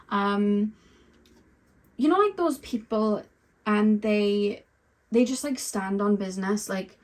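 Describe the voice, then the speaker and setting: A woman's voice: mid-range voice, takes it slowly, long pauses. A woman giving a pick-a-card tarot reading, chatty and full of ums and likes, talking straight to the viewer. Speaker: tarot reader.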